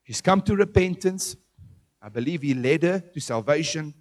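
A man preaching a sermon in an animated way, asking his listeners questions as he teaches. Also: a little high, normal speed. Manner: animated, asks the audience questions.

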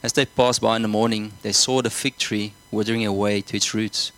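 A man's voice: on the low side, little pitch movement, brisk, a bit bright, low-quality recording. A man preaching a sermon, earnest, often repeating words and asking the congregation whether they follow. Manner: earnest, repeats himself, asks the congregation questions.

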